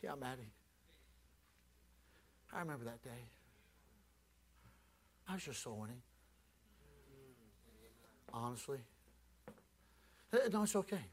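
A male preacher telling a story in a sermon, animated and acting out the scenes. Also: medium pitch, slow pace, long pauses, a little hiss or hum.

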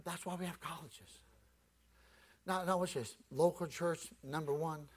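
A male preacher telling a story in a sermon, animated and acting out the scenes. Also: a little high, a little slow.

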